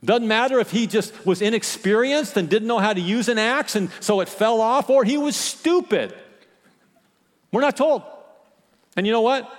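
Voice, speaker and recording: A man preaching a sermon as a pastor, with impassioned delivery that swings between loud emphasis and hushed, quiet phrases. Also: high-pitched, normal speed, big-room sound. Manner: impassioned preaching, rising and dropping to near-whispers.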